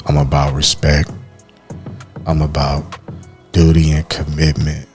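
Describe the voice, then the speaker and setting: Deep-voiced man talking earnestly. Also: monotone, unhurried, darkish tone, faint music behind. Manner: earnest, heartfelt, says "man" often. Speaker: podcast co-host. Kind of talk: candid personal talk.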